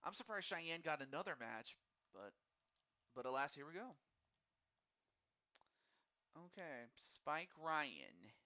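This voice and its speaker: A man hosts a live wrestling game stream, chatting with viewers and tripping over his words as he thinks aloud. His voice sits a little high and comes through smooth and clear. The recording sounds dull and lo-fi. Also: very animated, moderate pace, sharp tone. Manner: friendly and addresses viewers directly. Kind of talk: casual live-stream commentary.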